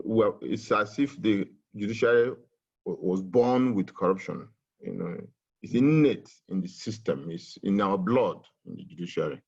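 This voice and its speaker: A middle-aged man speaking in a webinar, halting with many fillers and slow and emphatic when he reads aloud. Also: fairly low pitch, creaky, darkish tone, slightly rough, dull audio. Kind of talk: webinar talk with a poem reading. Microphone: video call.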